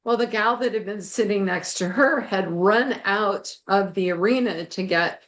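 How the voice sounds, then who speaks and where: A woman guest telling a personal story in an interview, animated and laughing now and then. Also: mid-range voice, unhurried.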